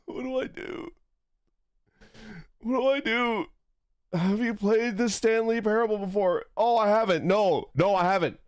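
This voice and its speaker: A man's voice: high voice, a little slow, pauses often, clean tone, dry recording, studio quality. A man streaming a game, laughing a lot and getting flustered as he struggles to read German menus. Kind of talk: casual gameplay livestream.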